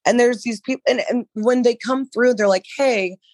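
A woman co-hosting a podcast in casual chat, hoarse from losing her voice, rambling and swearing freely. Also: on the high side, moderate pace, no echo. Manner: rambling, profane, animated. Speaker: podcast co-host, dog trainer business coach.

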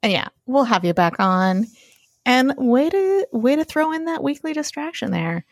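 A woman co-hosting a casual podcast, chatting with a friend and laughing often. Her voice has a gravelly fry, and she swears freely. The sound is dry and close, with no room in it. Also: high-pitched, sing-song, normal speed, no room sound. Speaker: podcast co-host.

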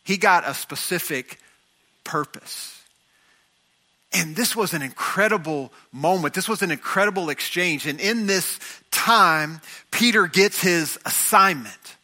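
Bright high-voiced man preaching. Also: unhurried. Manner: preaching, acting out voices of Bible figures with rising intensity. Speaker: pastor. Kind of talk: sermon.

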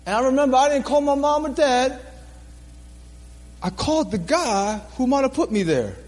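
A man's voice: very high voice, lively intonation, moderate pace, a little mellow, big-room sound. A man preaching a sermon, telling his own story earnestly, repeating phrases for emphasis and laughing at himself. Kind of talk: sermon testimony.

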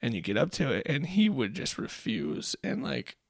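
Gravelly-voiced man telling a dad story. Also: medium pitch, wildly swooping pitch, normal speed, no room sound, clean studio sound. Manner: rambling and reflective, many fillers. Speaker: podcast co-host; father. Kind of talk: casual storytelling chat.

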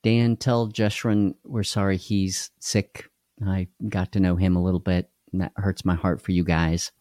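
A man's voice: low-pitched, little pitch movement, normal speed, a little mellow, dry recording, clean studio sound. A man hosting a casual live devotional stream, tired and unwell, folksy and chatty, greeting viewers by name and laughing easily. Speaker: devotional livestream host.

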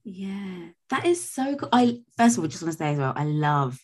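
Woman podcast host, low-pitched voice, gushing and upbeat. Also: sing-song, moderate pace, a little mellow, slightly rough. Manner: gushing and enthusiastic. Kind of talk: podcast intro and interview chat.

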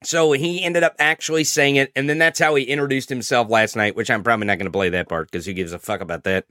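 A man's voice: mid-range voice, fairly even intonation, quick pace, pushed and bright, dry recording, studio quality. A man hosting a political podcast, talking in a profane, sarcastic, mocking way. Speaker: podcast host. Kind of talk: political commentary.

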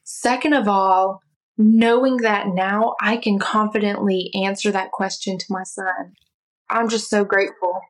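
Woman guest, mid-pitched, earnest and heartfelt, sharing a faith testimony. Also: fairly even intonation, rough recording. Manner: earnest and heartfelt, with quick restarts. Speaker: interview guest. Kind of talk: personal faith testimony in conversation.

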